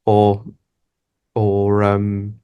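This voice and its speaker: A man's voice: lowish voice, completely flat delivery, drawn-out words, clean tone, phone-quality sound. A British man, an animation director, explaining his views as a podcast guest and thinking aloud with restarts. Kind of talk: casual interview chat.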